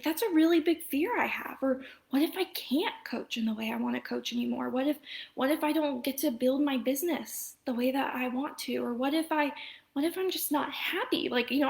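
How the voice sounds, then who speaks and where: A pregnant woman in her thirties, a mom coach, talking earnestly to viewers on a live stream, rambling with many fillers and restarts and often dropping into a soft whisper. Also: high-pitched, creaky. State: heavily pregnant. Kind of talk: Facebook Live talk to viewers.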